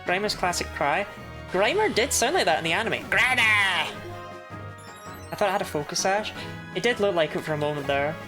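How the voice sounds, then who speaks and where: A woman's voice: fairly low pitch, expressive, fast talker, music in the background. A woman chatting casually while streaming a game, laughing often and swearing now and then. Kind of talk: casual live-stream commentary.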